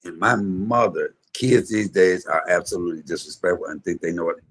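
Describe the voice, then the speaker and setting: Husky low-voiced man telling stories. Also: a little fast. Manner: animated, loud imitations of his mother. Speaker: comedian and vlog host. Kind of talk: casual storytelling monologue.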